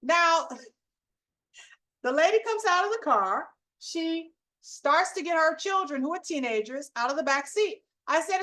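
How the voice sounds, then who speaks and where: A middle-aged woman hosting her channel, telling a story in an emphatic, animated, conversational way to make a preachy point to viewers. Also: extremely high pitch, measured pace. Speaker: channel host.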